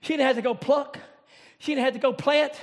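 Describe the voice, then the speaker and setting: A man preaching a revival sermon in church, shouting in a chanting, rising cadence. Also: very high-pitched, steady tone, fairly quick.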